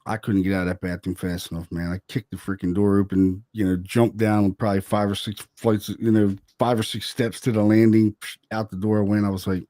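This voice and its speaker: A man's voice: on the low side, flat delivery, fairly quick, warm tone, no echo, studio quality. A man, a paranormal investigator, telling a story in a loose, chatty way, full of "man" and "you know". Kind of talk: casual storytelling.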